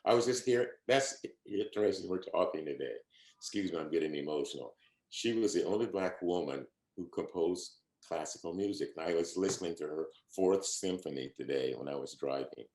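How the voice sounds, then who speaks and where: An older opera singer, at home on a video call, earnestly and humbly reminisces about his career for an oral history interview, repeating quoted speech. His low-sitting, darkish voice moves fairly quickly and sounds reverberant.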